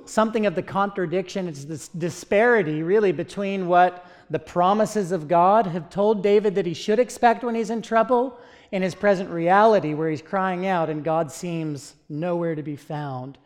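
A man's voice: sits high, normal speed. A man preaching a sermon, earnest and asking his listeners rhetorical questions.

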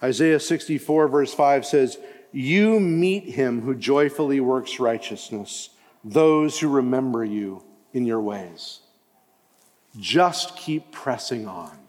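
A man's voice: mid-range voice, takes it slowly. Impassioned male preacher in reverberant hall. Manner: impassioned, rising to loud emphatic cries. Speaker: pastor. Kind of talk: sermon.

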